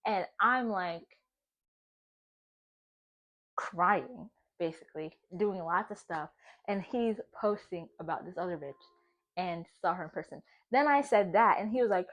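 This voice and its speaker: Lively young woman telling a story. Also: mid-range voice, normal speed. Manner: animated, exclaiming, dramatic retelling. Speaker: vlogger. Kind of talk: casual storytime chat. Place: home kitchen.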